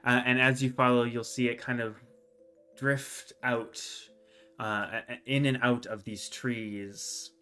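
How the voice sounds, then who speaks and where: A man narrating as dungeon master of a tabletop fantasy game. His voice has a bright, forward edge, and his pitch sits in an ordinary middle range. Faint music plays behind him. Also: little pitch movement, unhurried, clean tone.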